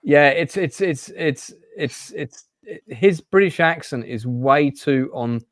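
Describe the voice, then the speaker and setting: A man's voice: a little high, expressive, takes it slowly, dry recording. Male host, casual rambling talker, dry close sound. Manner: rambling, hesitant, with many restarts. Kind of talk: casual chat.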